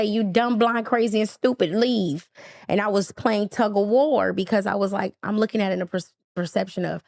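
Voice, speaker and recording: A woman with a gravelly, fry-edged voice, speaking as a podcast guest. She tells a painful personal story with feeling and acts out the quoted dialogue with a lot of life. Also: mid-range voice, a little mellow, dry recording, clean studio sound.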